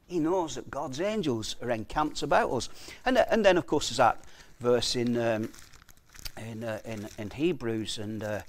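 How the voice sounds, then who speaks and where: A man with a fairly high voice delivers a conversational sermon. He reads scripture slowly and deliberately, then talks it through with rhetorical questions and frequent repeated words. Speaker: preacher.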